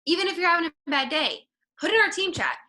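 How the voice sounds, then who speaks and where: Earnest woman pepping up her team, super bright voice, lots of "like". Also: very high-pitched, expressive, fast talker, low-quality recording. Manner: earnest, encouraging, many "like" fillers. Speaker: team leader. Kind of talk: motivational team talk.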